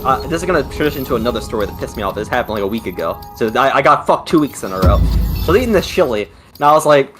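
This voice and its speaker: A man's voice: mid-range voice, lively intonation, rapid-fire, a bit bright, faint music behind. A young man chatting casually, telling a profane, rambling story full of fillers. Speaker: streamer. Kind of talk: casual chat. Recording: noisy background.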